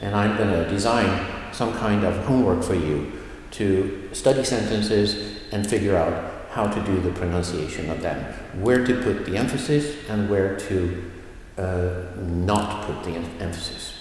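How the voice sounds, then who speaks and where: Slow-speaking man teaching in an echoey room. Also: low voice, a little mellow, a little hiss or hum. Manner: slow, careful explanations with modeled Swedish example sentences. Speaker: language teacher. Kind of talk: video lesson. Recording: very echoey room with long reverb.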